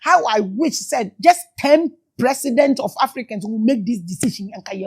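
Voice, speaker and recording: A Ghanaian woman giving emotional spiritual commentary, shouting exclamations and switching between English and Twi. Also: on the high side, lively intonation, moderate pace, breathy edge. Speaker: spiritual teacher.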